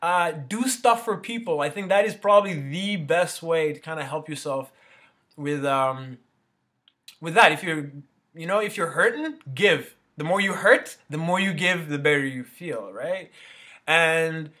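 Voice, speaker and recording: Sex: male. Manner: rambling, full of "you know, right?". Tone: bright. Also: a little high, measured pace. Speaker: motivational speaker. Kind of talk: casual motivational talk.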